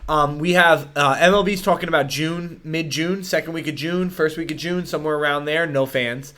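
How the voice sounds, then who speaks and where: A man hosting a podcast in casual chat, rambling and profane, getting excited as he talks. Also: on the high side, normal speed. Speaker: podcast host.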